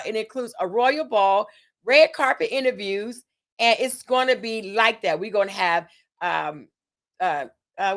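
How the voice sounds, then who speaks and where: Hosting a casual livestream as event organizer, this Tampa, Florida woman speaks in a slightly high, somewhat bright voice. She talks with viewers, stumbles through event details with fillers and self-corrections, and gets the crowd going with call-and-response.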